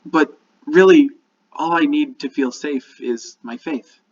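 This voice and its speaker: A man's voice: on the high side, slow pace, recorded from a distance. A man voicing a timid, three-foot male goblin blacksmith who stammers and apologizes nervously, on slightly dull audio. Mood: shy.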